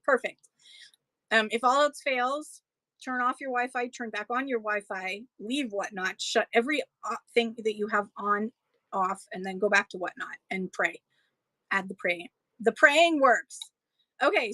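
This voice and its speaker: A woman's voice: mid-range voice, sharp tone, no room sound. A woman selling small collectibles on a live stream, chatting casually and cooing over little items. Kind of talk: live auction unboxing chat.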